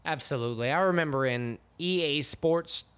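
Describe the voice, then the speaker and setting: A man's voice: a little high, moderate pace, a bit bright, clear, resonant tone. An American man co-hosting a podcast, chatting casually and rambling with restarts. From United States. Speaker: podcast co-host. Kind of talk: casual chat.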